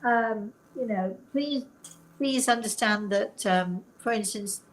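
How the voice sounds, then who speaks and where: An older woman hosting a live show as a psychic medium, talking in a chatty, encouraging and self-deprecating way with a hoarse voice that is still recovering. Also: on the high side, takes it slowly, low-quality recording. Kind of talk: live online call-in talk.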